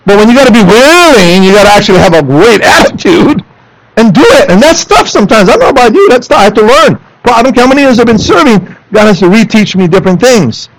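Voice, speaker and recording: A man preaching a sermon in church, animated, rising into loud emphatic lines and dropping to low asides for the congregation. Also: fast talker, rough recording. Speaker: pastor. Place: church sanctuary.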